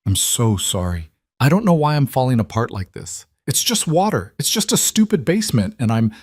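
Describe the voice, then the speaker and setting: A man's voice: on the low side, brisk, darkish tone, no room sound, studio quality, close to an everyday voice. A man voicing an anxious, overwhelmed woman executive who talks in a shaky, apologetic, self-critical way. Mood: tearful.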